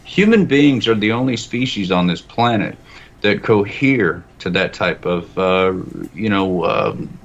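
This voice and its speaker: A man's voice: on the low side, animated, a little slow, gravelly. A man talking as a guest in a roundtable discussion, rambling and philosophical, with lots of restarts. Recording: muffled lo-fi audio with faint hiss.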